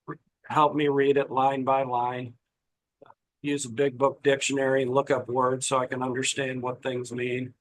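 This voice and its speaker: A man giving a personal recovery share at a meeting, halting, with many fillers and restarts. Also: medium pitch, fairly bright tone, rough recording. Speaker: meeting attendee sharing.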